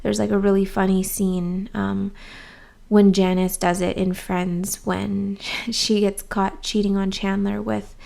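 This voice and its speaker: Her voice is medium-pitched, creaky and warm, with a flat delivery and slow pace. A young adult YouTuber, she chats candidly and casually to camera, frequently saying "um" and "like."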